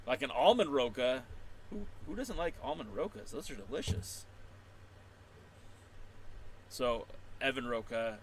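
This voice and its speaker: A man, a wrestling podcaster and blogger, hosts a playful livestream chat and reads out viewer comments, joking and breaking into sudden loud, excited bursts. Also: mid-range voice, breathy edge.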